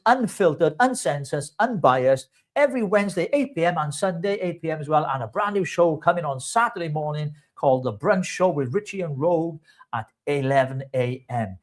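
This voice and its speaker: A man's voice: on the high side, expressive, a little fast. A man co-hosting a live web show, giving chatty announcer-style plugs that are full of restarts. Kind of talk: live-stream sign-off chat.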